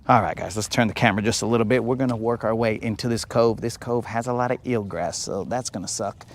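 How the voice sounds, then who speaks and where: A man's voice: on the low side, quick pace. Joking man hosting a fishing stream. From United States. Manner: casual, joking, slangy. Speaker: fishing livestream host. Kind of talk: live fishing commentary, chatting with viewers. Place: on a boat on a lake, outdoors.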